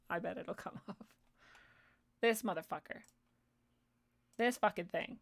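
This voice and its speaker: A woman's voice: medium pitch, slow, gravelly. A woman streamer ranting in a sarcastic, profane, exasperated way as she hosts her own show. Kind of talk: ranting live-stream commentary.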